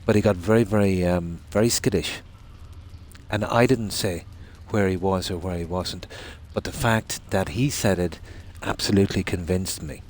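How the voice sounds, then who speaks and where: Low-voiced man, rambling. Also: moderate pace, slight background noise. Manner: rambling, chatty storyteller. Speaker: streamer. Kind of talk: casual chat while gaming.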